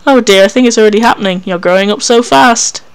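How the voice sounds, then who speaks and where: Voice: mid-range voice, quick pace, clear, resonant tone, lightly acted. A reader voicing Hamifi, a doting female caretaker who talks to children in a gushing, affectionate way.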